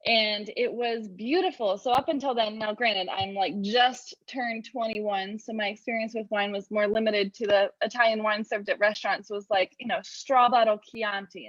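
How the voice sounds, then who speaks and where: A woman's voice: medium pitch, dry recording, dull audio. A woman sommelier answering interview questions in a chatty, storytelling way. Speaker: sommelier, guest. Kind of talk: casual video interview.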